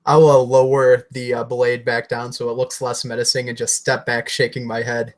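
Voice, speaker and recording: A man's voice: medium pitch, completely flat delivery, normal speed. Guy at a tabletop game, chill, describing what his char does. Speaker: player.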